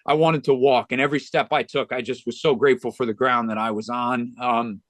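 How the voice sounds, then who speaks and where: An earnest man in a podcast interview tells a story from the heart, stumbling into restarts and filling gaps with "you know". His voice sits at an ordinary middle pitch. The recording is close and dry. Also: steady tone, brisk, fairly bright tone, dry recording. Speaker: golf club director of instruction, podcast guest.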